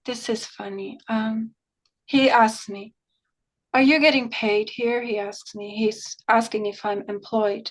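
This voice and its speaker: A woman who works as a remote viewer, telling a story in conversation and acting out the dialogue in her own voice. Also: a little high. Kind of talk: conversational interview recounting an experience.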